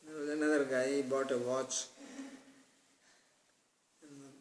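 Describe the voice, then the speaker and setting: A man giving a scripture talk, explaining terms slowly and then telling joking stories. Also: mid-range voice, level tone, a little hiss or hum. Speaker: spiritual teacher. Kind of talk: scripture discourse with humorous stories. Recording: echoey room.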